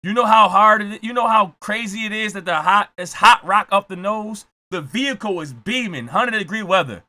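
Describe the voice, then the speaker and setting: A man doing comedic reaction commentary, ranting loudly and often shouting his punchlines. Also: high voice, normal speed. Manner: repeats jokes for effect. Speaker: reaction streamer.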